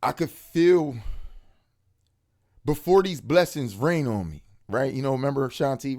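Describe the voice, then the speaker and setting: A man giving an excited, casual faith testimony to camera, full of street slang and repeated words for emphasis. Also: mid-range voice, unhurried, pauses often. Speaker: religious video speaker.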